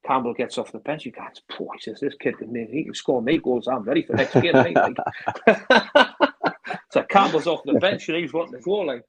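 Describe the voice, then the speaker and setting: A man with a North East English accent telling rambling football anecdotes, acting out old phone calls with a steady run of "I says". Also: mid-range voice, fast, hardly any pauses, rough recording. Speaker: interview guest, former club manager.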